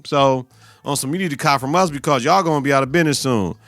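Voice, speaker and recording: A bright, forceful male voice recorded dry and close, with faint music underneath. He recaps a TV episode in loose, slangy, profane talk. He keeps arguing with the characters as he goes. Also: mid-range voice, fast, dry recording. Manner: profane, slangy, talks back at the screen. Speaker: podcast host.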